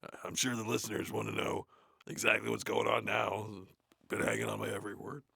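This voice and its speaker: Nathan Explosion, a gravelly metal growl. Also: male voice, lowish voice, flat delivery, brisk, pushed and bright, dry recording, studio quality, heavily acted. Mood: bored. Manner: bored, crude, swearing, mumbling asides. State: sore throat. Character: gruff, grumbling male death metal frontman. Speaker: reader of a play. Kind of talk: comedic in-character reading.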